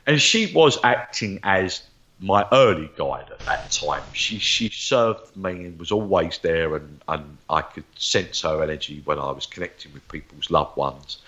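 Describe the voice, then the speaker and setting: In an interview, a man who works as a psychic medium recounts episodes from his life in a low, animated, unhurried voice that's bright and forceful, though the audio sounds dull. His storytelling rambles and repeats words, and he performs the conversations he recalls.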